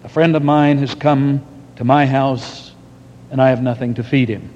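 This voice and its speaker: A man's voice: medium pitch, steady tone, moderate pace, darkish tone, a little hiss or hum, lightly acted. A man voicing a desperate man pleading through a door at night, recorded in a reverberant hall with dull sound.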